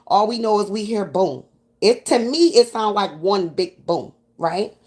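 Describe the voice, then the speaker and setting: A woman from New York with a New York accent, telling a profane story to her audience in a casual, animated way. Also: mid-range voice, measured pace.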